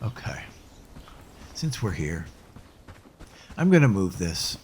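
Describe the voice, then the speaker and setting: Man, unhurried game host thinking aloud, mid pitch, slight hiss behind. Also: big pitch swings. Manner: musing aloud, hesitant restarts. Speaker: let's play host. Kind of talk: casual gameplay commentary.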